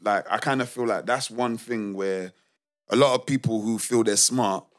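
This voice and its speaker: A man's voice: fairly low pitch, normal speed. A man co-hosting a casual podcast, telling a story emphatically with lots of restarts. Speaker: podcast co-host.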